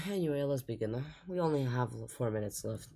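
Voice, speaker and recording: A woman's voice: rumbling low, animated, normal speed, warm tone, slight background noise. A woman hosting a reaction video, talking casually and rambling in exasperation.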